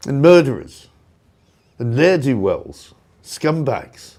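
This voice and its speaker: A middle-aged man, hosting a talk show and ranting with indignant sarcasm and loud rhetorical questions. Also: mid-range voice, sing-song, moderate pace. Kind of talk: opinionated ranting monologue.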